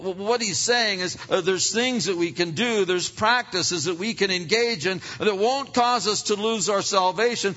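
A pastor preaching a sermon with emphatic rhetorical questions and repeated words, heard as a dull recording in an echoing hall. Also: male voice, high voice, pushed and bright.

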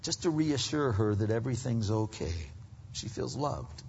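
A man preaching a conversational sermon to husbands, animated and acting out little bits of dialogue. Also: medium pitch, normal speed, gravelly, slight background noise. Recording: muffled, reverberant hall.

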